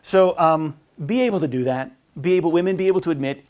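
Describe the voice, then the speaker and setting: A man teaching a marriage class as a priest, with a voice pitched a little high. He rambles in a loose teaching style, stumbles and restarts often, and drops into quick acted voices for the people he quotes. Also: darkish tone. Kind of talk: informal teaching talk.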